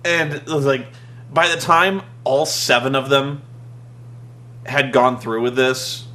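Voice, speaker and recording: A man's voice: mid-range voice, steady tone, slow pace, pushed and bright. A man giving a profane, exasperated comedic rant as a wrestling show reviewer, mocking what he watched. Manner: exasperated, mocking, heavy swearing.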